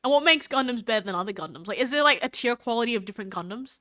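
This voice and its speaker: A woman's voice: fairly high pitch, lively intonation, racing, fairly bright tone. A woman chatting casually on a live stream, reading chat aloud and thanking viewers in a bubbly, scattered way.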